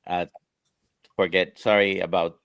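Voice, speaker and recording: A man with a Spanish accent answering questions in a live Q&A, talking slowly and haltingly with many fillers. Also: deep voice, flat delivery, gravelly, a bit bright, clear, resonant tone, no echo. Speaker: guest doctor. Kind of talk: live Q&A chat.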